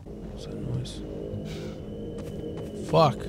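A man's voice: rumbling low, wildly swooping pitch, very slow, vocal fry. A man giving casual, joking let's play commentary, swearing, laughing and playing mock-scared. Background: game music and gunfire.

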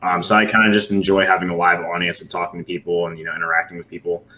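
A man's voice: low-pitched, flat delivery, racing, sharp tone, a little hiss or hum, poor audio. A man guesting on a talk show, rambling casually with lots of fillers and a slightly nervous manner. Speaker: guest glassworker. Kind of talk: casual interview chat.

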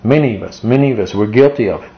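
A man's voice: mid-range voice, fast, muffled recording. A male pastor preaching an emotional sermon, repeating his points and reading scripture aloud.

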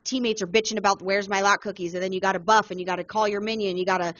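A woman in her thirties co-hosting a casual gaming podcast, excitable and swearing freely. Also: medium pitch, racing, dry recording, highs cut off. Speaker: podcast co-host.

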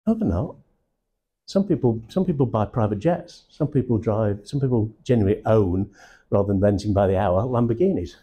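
Dark, husky-voiced male sales trainer. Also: on the low side, lively intonation. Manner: emphatic, drawn-out stresses for teaching. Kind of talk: live training session. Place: training room.

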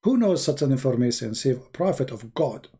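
Male debater, husky tone, mocking sarcastic monologue, theatrical swings. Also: medium pitch, very animated, a little fast, dark tone. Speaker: online religious debater.

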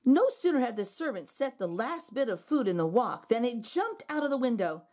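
A woman reading a children's picture book aloud, expressive with gentle asides. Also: on the high side, a little fast.

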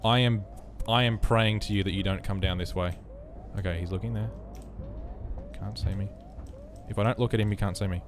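A man's voice: fairly low pitch, fairly even intonation, brisk, a little hiss or hum. An Australian man streaming a horror game, nervous and jittery, swearing a lot and joking through his fear. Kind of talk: live-streamed horror gameplay commentary.

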